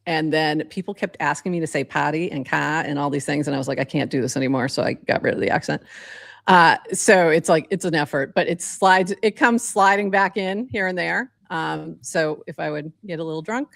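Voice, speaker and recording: A woman's voice: low-pitched, a little fast, gravelly, no room sound. A woman from southeastern Massachusetts co-hosting a podcast in casual chat, rambling and chatty with lots of fillers. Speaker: co-host.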